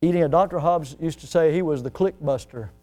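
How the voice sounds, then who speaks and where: A male pastor preaching a sermon, swelling in pitch and volume as he acts out the people he quotes. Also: fairly quick, darkish tone.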